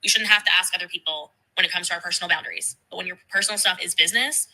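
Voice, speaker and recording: A woman's voice: fairly low pitch, racing, pushed and bright, low-quality recording. A woman cohosting a podcast, giving advice in an earnest way. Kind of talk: podcast conversation.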